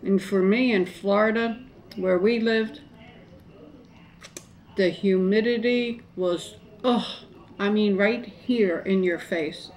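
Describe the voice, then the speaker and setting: Slow-talking chatty woman vlogger. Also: medium pitch, a little mellow. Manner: chatty, rambling, folksy sign-off. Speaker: mukbang vlogger. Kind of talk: casual chat to camera while eating.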